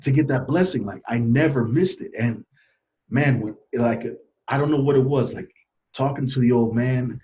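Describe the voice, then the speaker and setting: Male interview guest, earnest animated storyteller, mid-pitched, muffled lo-fi recording. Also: moderate pace. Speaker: podcast guest. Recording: dull lo-fi sound.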